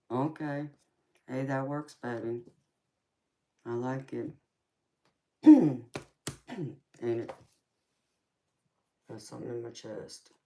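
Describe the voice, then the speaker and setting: A woman reading tarot on a live stream, chatting casually with viewers and calling them sweetheart and honey, murmuring quietly as she tidies her cards. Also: rumbling low, extremely slow, pauses often, a little hiss or hum.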